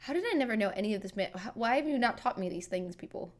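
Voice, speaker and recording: A woman's voice: medium pitch, expressive, quick pace. A woman streaming, chatting casually and telling a rambling story with lots of self-corrections. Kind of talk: casual livestream chat.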